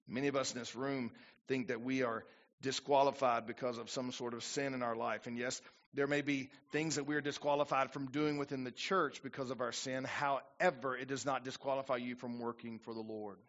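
A man's voice: mid-range voice, flat delivery, a little fast, fairly bright tone. A man preaching a sermon as pastor, building to emphatic bursts and acting out quoted prayers. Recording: dull lo-fi church recording.

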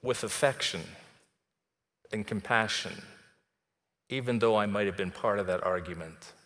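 A man preaching a sermon in a conversational way, dropping soft and then rising to emphatic. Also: lowish voice, measured pace, big-room sound. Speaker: pastor.

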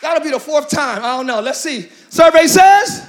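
A man preaching a sermon in an animated, slangy, joking style, with loud delivery. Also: extremely high pitch, moderate pace.

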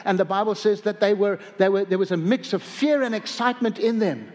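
A man's voice: high voice, normal speed, hardly any pauses, darkish tone, big-room sound. A man preaching a sermon, telling stories in a rambling way with restarts and chuckles. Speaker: pastor.

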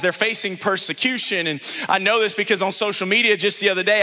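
High-voiced, bright male pastor preaching. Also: in a large hall. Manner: animated, joking storyteller with quick restarts. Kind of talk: sermon with humorous storytelling. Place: church sanctuary before a congregation.

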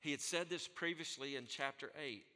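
A man preaching a sermon as pastor, moving between soft, hushed lines and loud, emphatic declarations. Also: on the high side, moderate pace, in a large hall. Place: church sanctuary.

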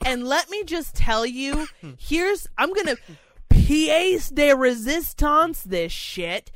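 A woman's voice: high voice, expressive, slow pace, no echo. A young adult woman telling a story in a casual, angry rant, swearing freely and dramatizing it. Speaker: podcast co-host telling a story.

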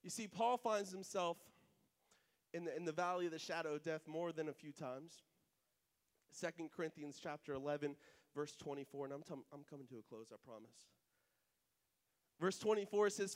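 A man's voice: on the high side, normal speed, pauses often, long reverb tail. A man preaching a sermon in church, speaking earnestly and straight to the congregation.

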